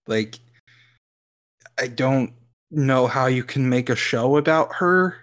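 A man's voice: mid-range voice, takes it slowly, fairly bright tone. A man co-hosting a podcast, chatting casually with lots of fillers and laughter. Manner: rambling, lots of likes and ums, laughs often. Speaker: podcast co-host. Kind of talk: casual chat.

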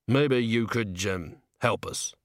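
A worried, hesitant tavern keeper, voiced by a male reader, halting and low-pitched. He stumbles over his words with ums. The recording is close and dry. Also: a bit bright, no echo.

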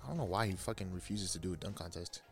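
Fast-talking, low-voiced young man. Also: music in the background. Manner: rapid, excitable, slangy. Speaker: podcast co-host. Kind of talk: casual podcast chat.

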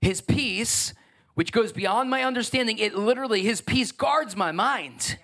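Man, pastor, sermon, high voice, emphatic, conversational preaching. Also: a little slow. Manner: emphatic, conversational preaching with swings from soft to loud.

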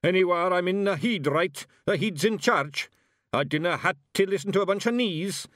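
A man's voice: sits high, moderate pace, fairly bright tone, no room sound, studio quality, pitched above the performer's own voice. A man voicing a rowdy crowd of little fairy men disguised as a drunken scarecrow, in a thick Scottish brogue. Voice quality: gruff brogue, squabbling.

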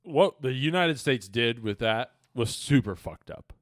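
A man's voice: medium pitch, animated, a little slow, no room sound, studio quality. A man co-hosting a casual podcast, telling stories in a loose, joking way and swearing often. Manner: loose, profane, jokey storytelling. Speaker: podcast co-host. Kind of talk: casual chat.

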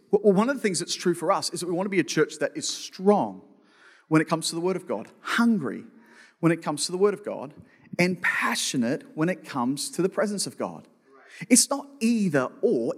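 A male pastor preaching a sermon in a conversational way, often restarting with repeated words and making joking asides. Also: high voice. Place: church auditorium. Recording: long reverb of a church hall.

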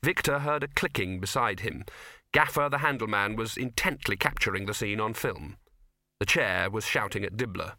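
A male audiobook narrator with a bright voice on the low side reads scripted text at a moderate pace. The recording is dry and of studio quality.

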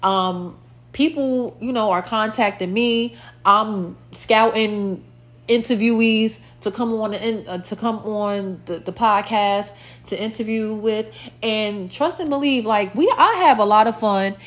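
A woman's voice: mid-range voice, measured pace. A woman hosting her own podcast in a rambling, casual solo chat, with lots of fillers and repeated lines, her mouth a little dry. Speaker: podcast host.

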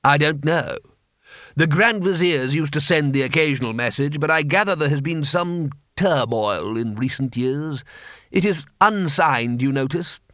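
A man's voice: a little high, a little slow, a bit bright, dry recording, clean studio sound. A man voicing a cool, cunning city ruler who speaks in precise, dryly ironic sentences.

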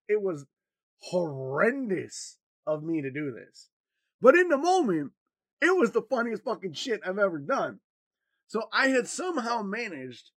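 Guy with a high voice on a podcast mic, swears a lot, rambles and gets animated telling stories, super dry sound. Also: no echo. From Wisconsin, US. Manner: rambling, profane, animated storyteller. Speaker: podcast co-host. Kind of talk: casual podcast chat, storytelling.

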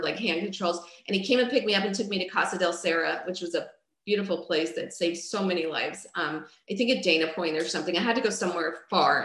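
A middle-aged woman telling her own life story as a personal testimony, candid and raw, moving from low and quiet to loud outbursts. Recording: roomy echo.

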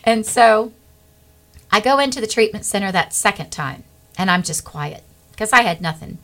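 Bright-voiced middle-aged woman telling her story. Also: on the low side. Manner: earnest, animated storytelling. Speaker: guest. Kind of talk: personal faith testimony.

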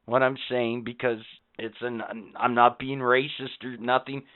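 A man's voice: medium pitch, flat delivery, a little slow, clean tone, no echo. A man co-hosting a casual podcast chat, telling stories in an angry, profane rant. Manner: profane, ranting storyteller. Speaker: podcast co-host. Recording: tinny phone-like sound.

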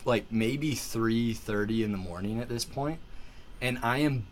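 A man's voice: medium pitch, measured pace, slight background noise. A man telling a story in casual chat, full of "like"s and restarts. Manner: animated, filler-heavy storytelling with many "like"s. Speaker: podcast guest telling a story.

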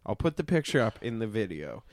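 A man's voice: fairly low pitch, big pitch swings, a little fast. A young man co-hosting a podcast, rambling through crude stories and laughing at his own jokes. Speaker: podcast co-host. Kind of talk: crude casual chat.

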